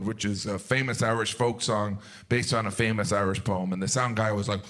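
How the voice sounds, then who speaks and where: A man performing a stand-up comedy routine, self-deprecating, acting out his own disbelief. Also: a little fast. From United States. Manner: animated, self-deprecating, jumps to high outraged acted-out voices.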